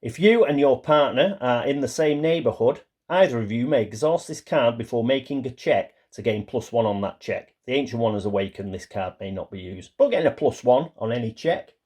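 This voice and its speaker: A man hosts a relaxed solo playthrough of a board game, chatting his way through each card. He reads the rules and story text aloud and now and then trips over a word before carrying on. His voice sits at an ordinary middle pitch. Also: brisk, hardly any pauses. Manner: chatty, stumbles and restarts while reading small card text. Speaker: board game player and channel host. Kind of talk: casual solo playthrough commentary, reading cards aloud.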